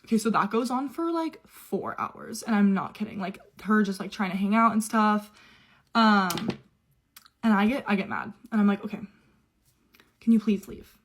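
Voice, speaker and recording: A woman's voice: medium pitch, moderate pace. Chatty young woman telling a storytime. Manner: chatty, run-on retelling with quoted dialogue. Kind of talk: casual storytime chat.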